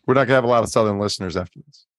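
A man's voice: fairly low pitch, very fast, fairly bright tone, no echo. A man hosting a podcast, running a quiz and teasing his co-hosts before revealing answers. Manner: teasing, game-show style reveals. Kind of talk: casual banter.

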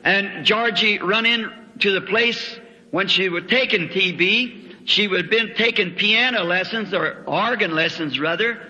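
Man, preacher, folksy testimony, sharp bright voice, lo-fi vintage tape, long hall echo. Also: high voice, measured pace. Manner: folksy storytelling with rural grammar. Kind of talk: revival sermon testimony. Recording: old lo-fi hall recording with long reverb.

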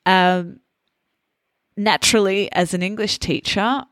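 Softly Australian woman teacher interviewing. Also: medium pitch, steady tone, no room sound, studio quality. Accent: toned-down Australian. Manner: slow, explaining carefully with pauses. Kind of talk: casual interview chat.

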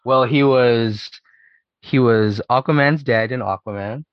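A man co-hosting a casual podcast, wry and jokey, often trailing off quietly. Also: medium pitch, measured pace, clean tone, dry recording, muffled recording. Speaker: podcast co-host. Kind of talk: casual chat.

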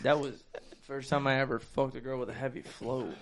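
A man's voice: mid-range voice, level tone, brisk. A young man telling crude, profane stories in casual chat with friends, laughing often. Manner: rowdy, profane, laughing storyteller.

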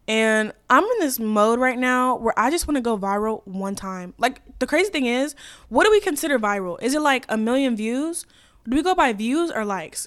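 Young female podcast host, slightly high voice, blunt and sassy, swearing freely, swinging between loud bursts and low asides. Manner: blunt, profane, sassy ranting; animated, swings loud and quiet. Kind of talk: casual chat.

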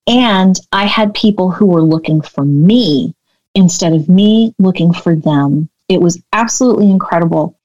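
Lady coach on a podcast, animated storyteller, dry muffled lo-fi sound. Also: lowish voice, normal speed, dry recording. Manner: animated storyteller who acts out dialogue. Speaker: business coach guest.

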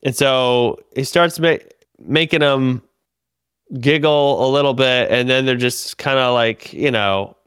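A man, a comedian and podcast host, telling a story in casual chat, animated and full of swearing and restarts. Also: mid-range voice, a little slow, clear, resonant tone, no room sound, clean studio sound.

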